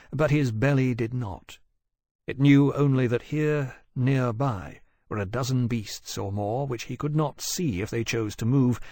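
A man reading a novel aloud as an audiobook narrator, in even, measured storytelling. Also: mid-range voice, dry recording, studio quality. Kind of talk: scripted narration.

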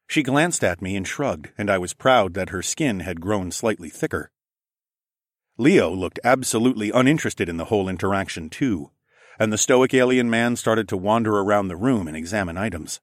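A man narrating a first-person story in a steady, even storytelling voice. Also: on the low side, moderate pace, no room sound, clean studio sound. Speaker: audiobook narrator.

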